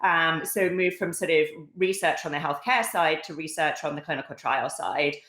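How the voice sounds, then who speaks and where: British woman, lowish voice, echoey room. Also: normal speed, a bit bright. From London, England. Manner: articulate, many fillers. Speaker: guest. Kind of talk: casual interview talk.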